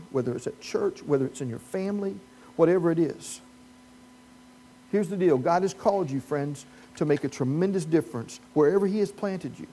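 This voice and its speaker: A man preaching a sermon as pastor, animated and humorous, prompting the congregation with questions. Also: a little high.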